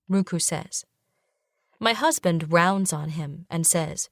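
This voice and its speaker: Audiobook narrator, woman, lower register, steady measured first-person reading, dry close sound. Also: creaky, no echo.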